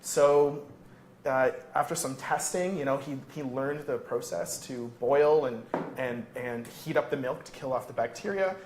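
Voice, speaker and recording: A man's voice: medium pitch, unhurried, a little mellow, slight background noise. Jokey producer man in a roomy studio. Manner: jokey, rambling explanations. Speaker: executive producer and debate guest. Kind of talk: live-streamed health debate.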